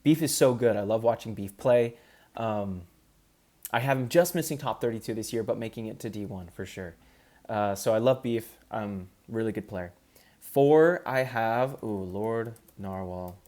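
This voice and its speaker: A man's voice: fairly low pitch, moderate pace, darkish tone. A man in casual commentary, ranking competitive gamers in an upbeat, chatty way with frequent ums.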